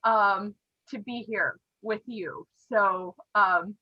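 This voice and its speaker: A woman's voice: medium pitch, slow pace, no echo, muffled recording. A woman gushing tearfully as she congratulates a friend she sponsors on a team call. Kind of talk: emotional tribute on a team call. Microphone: online group call.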